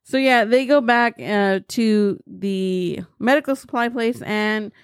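A woman's voice: medium pitch, takes it slowly, clean tone, no room sound, clean studio sound. A woman co-hosting a casual podcast, chatting and laughing while recapping a horror movie and adding trivia. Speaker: podcast co-host.

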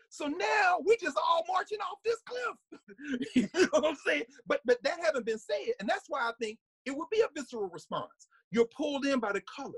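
A man giving a conversational lecture, animated and laughing often, sometimes singing snippets and acting out voices. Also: very high-pitched, slightly rough, no room sound.

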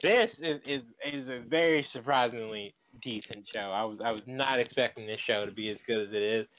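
A man's voice: mid-range voice, fairly quick, a bit bright. A man co-hosting a podcast in casual chat, talking in a slangy, profane way. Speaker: podcast co-host.

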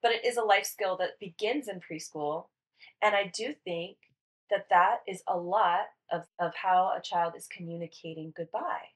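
A woman co-hosting a parenting podcast, chatting casually and jumping in quickly with her points. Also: fairly low pitch, far from the mic. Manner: quick, interjecting. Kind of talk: casual chat.

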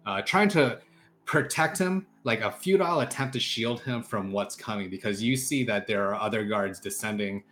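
A man narrating as game master of a tabletop game, halting with many fillers and restarts. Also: on the low side, a bit bright, a little hiss or hum.

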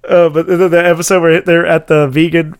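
A man's voice: a little high, level tone, a little fast, clean tone, no room sound, studio quality. A man hosting a casual podcast chat, rambling and laughing as he retells scenes. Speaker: podcast host. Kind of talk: casual chat about a TV show.

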